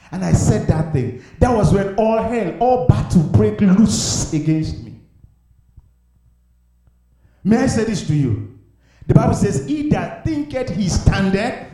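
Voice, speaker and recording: A man preaching a sermon, acting out Bible characters with shouts and laughter. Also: high voice. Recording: very echoey room.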